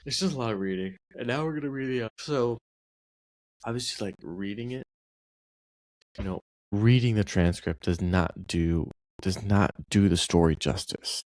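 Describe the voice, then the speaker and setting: Reading a short story out loud, this man stops now and then for casual, conversational commentary, much as a teacher would when walking students through a text. His lowish voice is a little mellow, his pace moderate, with no echo.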